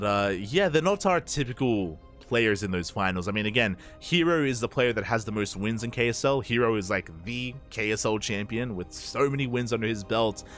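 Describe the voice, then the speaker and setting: A relaxed male esports caster with a mild Australian lilt softened by a Spanish-speaking home, chatting loosely with his viewers. His pitch sits in an ordinary middle range, and faint music plays under the stream. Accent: mild Australian, blended with Spanish-speaking upbringing. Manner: relaxed and chatty, answers chat, says "true, true" and "papi". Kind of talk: casual live stream commentary.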